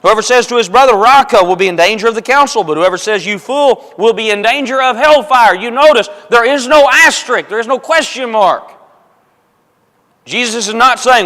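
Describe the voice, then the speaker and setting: An extremely high, sharp-toned man preaches at a moderate pace to his congregation in a church auditorium. Emphatic, he repeats phrases for stress and calls them folks and brethren, while a long church-hall reverb fills the recording.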